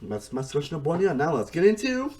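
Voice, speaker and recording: A man's voice: fairly high pitch, wildly swooping pitch, fast talker, darkish tone. A man giving a casual, rambling spoken review, repeating himself and saying "honestly" often.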